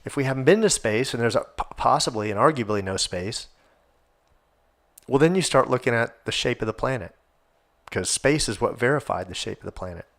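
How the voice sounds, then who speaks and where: Speaking a little fast in a mid-range voice, another solo podcast host keeps things casual. He wanders from point to point and turns profane and lively once he's worked up.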